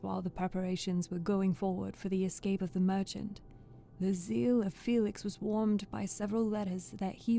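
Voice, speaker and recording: Low-key gravelly woman reading softly. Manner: steady, careful reading that restarts phrases. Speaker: audiobook reader. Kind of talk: soft-spoken ASMR reading.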